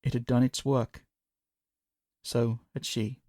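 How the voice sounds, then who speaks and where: Guy telling a spooky story, measured and dramatic, middle-pitched voice. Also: little pitch movement, warm tone, no room sound, studio quality. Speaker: narrator. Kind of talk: scripted horror story narration.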